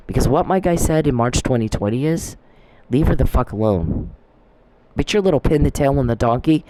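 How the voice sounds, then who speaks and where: Dark-voiced man on a profane rant. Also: medium pitch. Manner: profane, accusatory, addresses people directly; storytelling with quoted back-and-forth. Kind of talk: rambling recorded rant.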